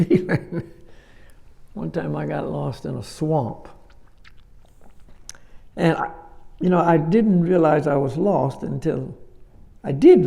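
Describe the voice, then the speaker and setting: A man's voice: fairly high pitch, vocal fry, dark tone. A man as a spiritual teacher giving a sermon to a live audience, telling stories in a conversational way with folksy asides and chuckles. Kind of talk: sermon with storytelling. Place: talk before a live audience.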